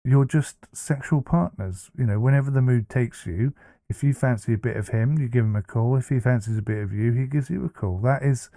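Man, commentary host, blunt and opinionated, mellow dark tone, dry sound. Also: medium pitch, a little fast, no echo. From United Kingdom. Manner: blunt, chatty, many fillers and restarts.

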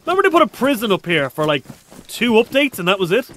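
A man live-streaming a survival game, talking fast and loose, swearing, joking and reading chat messages aloud with high energy. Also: very animated, fairly bright tone, slight background noise.

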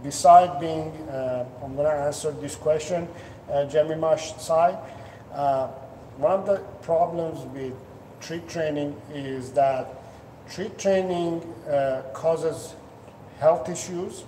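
A man speaking slowly with a fairly high but mellow voice. He coaches earnestly, often restarting his sentences and filling pauses. The sound is roomy and reverberant, picked up from a distance. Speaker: dog trainer. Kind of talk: instructional talk to camera. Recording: echoey room, distant mic, faint noise.

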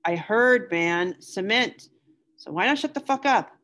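A woman's voice: lowish voice, moderate pace, a bit bright, natural voice. A woman voicing a blunt, irritable young male soldier in a read-aloud novel, with curt, snappish delivery.

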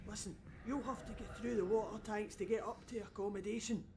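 A man's voice: sits high, fairly even intonation, brisk, background noise. An actor with a Scottish accent playing a tense, blunt male oil rig worker who gives urgent warnings in a video game.

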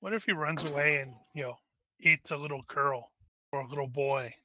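A man's voice: fairly high pitch, fairly even intonation, moderate pace, bright, forceful tone, no echo. A man running a tabletop combat as game master, methodically narrating dice rolls aloud.

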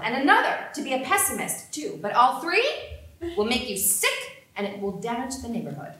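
A woman's voice: fairly high pitch, a bit bright, slight background noise. An actress playing a young woman who tells her family's story, mimicking the neighbors with amused emphasis, recorded from afar in a roomy theater. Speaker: actor in a staged play reading. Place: theater stage. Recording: roomy hall sound, mic far off.

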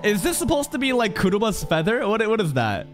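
An excitable reaction streamer talks straight at the screen, profane and quick to get hyped. The pitch swings wildly from low mutters to high bursts, with faint soundtrack music playing underneath. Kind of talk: live reaction commentary.

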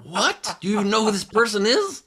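A man, a stand-up comedian, riffing deadpan in casual podcast banter. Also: high-pitched, very fast. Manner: deadpan, rambling, self-promoting jokes.

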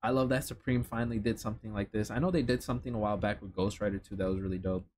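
A young man from Chicago talking casually and excitedly, with lots of slang and swearing, as he reacts to new streetwear items. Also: fairly low pitch, very fast, slight background noise. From Chicago, United States. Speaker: streetwear vlogger. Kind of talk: casual commentary while browsing a lookbook.

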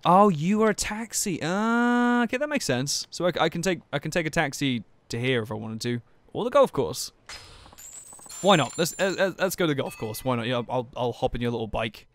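A man's voice: a little high, expressive, normal speed. A young man casually narrating a video game, joking and swearing, stumbling over restarts, his voice a bit dry. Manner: profane, joking, stammering restarts. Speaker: let's play gamer. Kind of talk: casual gameplay commentary.

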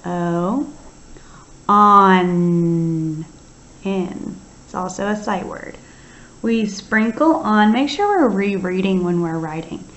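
A woman teaching young children to write, slowly sounding out letters and words one at a time in a patient, encouraging way. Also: medium pitch, a bit bright. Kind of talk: early-grade writing lesson. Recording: slightly dull, lo-fi sound.

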